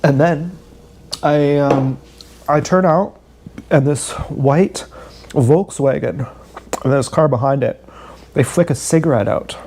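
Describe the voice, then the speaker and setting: A man with a slightly high, darkish voice speaks slowly, pausing often, with a little background noise. A vlogger, he tells a long, candid story about his day, rambling, swearing, and poking fun at himself. He repeats himself along the way.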